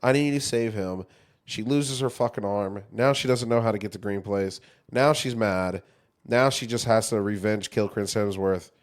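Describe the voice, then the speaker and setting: A man's voice: lowish voice, moderate pace. Rambling man in his thirties. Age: 30s. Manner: loose, rambling, swears freely; lots of fillers and restarts. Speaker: podcast co-host. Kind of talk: casual chat.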